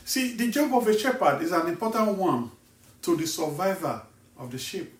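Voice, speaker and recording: A male evangelist from Nigeria preaching a sermon slowly and emphatically, asking the listener pointed questions. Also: sits high, lively intonation, recorded from a distance. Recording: echoey room, voice set back from the mic.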